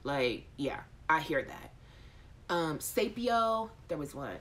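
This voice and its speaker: A woman's voice: low voice, slow, a little hiss or hum. A woman hosting a casual live chat show, reading out viewer comments in a playful, frank way. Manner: animated, playful and frank, with laughter.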